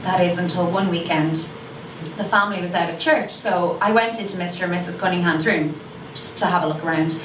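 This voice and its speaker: A woman's voice: fairly low pitch, fairly quick, lightly acted. A woman performing a monologue as an Irish teenage schoolgirl who is sheepish yet defiant, speaking in a chatty, confessional way with an Irish accent. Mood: gossipy. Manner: chatty, confessional, slips into gossipy asides. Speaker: stage actor performing a monologue. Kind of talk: theatrical monologue. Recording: echoey room, distant mic, noisy video call.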